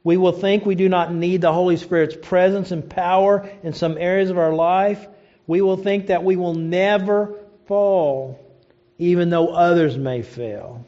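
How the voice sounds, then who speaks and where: A man's voice: high voice, measured pace, dark tone. A man preaching a sermon, emphatic and asking rhetorical questions, in a dull lo-fi recording. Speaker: pastor.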